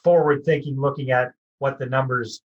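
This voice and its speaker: A man's voice: mid-range voice, steady tone, normal speed, muffled recording. A middle-aged man hosting a podcast, casually rephrasing and summing up his guest's points. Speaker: podcast host. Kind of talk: podcast interview.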